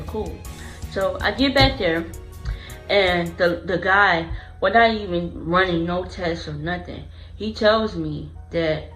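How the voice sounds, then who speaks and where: A woman's voice: fairly low pitch, a bit bright, rough recording. A woman vlogger telling her own story in an earnest, emotional way, going back over phrases as she remembers. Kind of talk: personal storytelling to camera.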